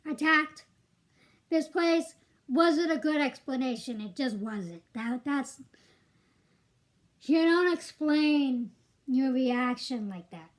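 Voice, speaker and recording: A woman's voice: high-pitched, lively intonation, slow pace, long pauses. A young woman ranting bluntly on a commentary vlog, exasperated and swearing. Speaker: YouTube commentator.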